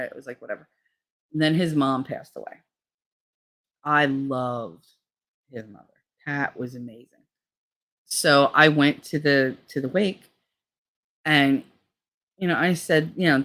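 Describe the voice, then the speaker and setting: Gossipy foul-mouthed woman. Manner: gossipy, profane, mimics others with big pitch jumps. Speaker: vlogger. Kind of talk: casual storytelling.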